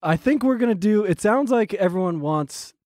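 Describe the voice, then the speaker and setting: A man's voice: high-pitched, lively intonation, normal speed, darkish tone, no room sound, clean studio sound. A man from New Jersey co-hosting a podcast, easygoing and wry in casual chat. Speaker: podcast co-host.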